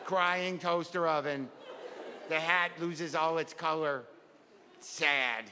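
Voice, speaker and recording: A naive little kid reading his beloved picture book aloud in a high, sing-song voice, as a male comic puts him on. The room rings with a long reverb, and a loud, laughing crowd sits behind him. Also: steady tone, slow. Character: small child earnestly reading his favorite picture book. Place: comedy club stage. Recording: reverberant live club with crowd noise. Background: audience laughter.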